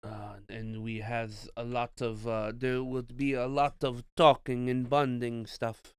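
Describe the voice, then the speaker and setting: A man streaming a game, reading its story text aloud with a stuffy nose, stumbling and restarting often and clearing his throat. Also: medium pitch, flat delivery, a little slow, no echo, clean studio sound.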